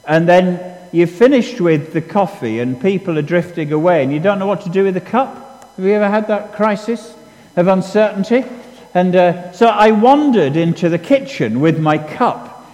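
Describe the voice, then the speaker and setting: A man's voice: high voice, darkish tone, long reverb tail, low-quality recording. A man preaching a sermon, telling stories in a conversational, self-deprecating way with many restarts. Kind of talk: sermon with storytelling.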